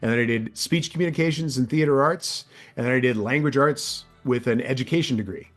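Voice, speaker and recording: A man talking shop as an interview guest, a working voice actor who can't explain a voice without doing it. His pitch keeps leaping up high and dropping low as he demonstrates, over an ordinary mid-range speaking voice. The talk stays loose and chatty. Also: a little fast, faint music behind. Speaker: audiobook narrator and voice actor, guest. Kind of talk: casual interview chat.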